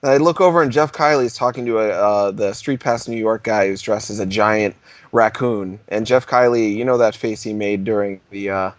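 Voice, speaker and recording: A man at home telling rambling, animated stories in a casual podcast chat. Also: lowish voice, moderate pace, no echo. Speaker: podcast co-host.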